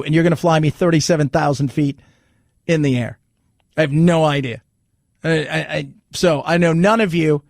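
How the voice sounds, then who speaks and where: A man's voice: fairly high pitch, no echo. A male talk radio host in his forties giving an indignant, sarcastic rant into a studio microphone. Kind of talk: opinionated talk radio monologue.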